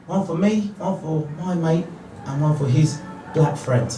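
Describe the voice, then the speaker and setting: A man's voice: on the high side, measured pace, faint music behind, lightly acted. A man with an Essex accent voicing a pushy, overbearing male drinking buddy who keeps offering rounds. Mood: pushy, jokey. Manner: overbearing, jokey, insistent. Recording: echoey room heard from far off, loud audience laughter.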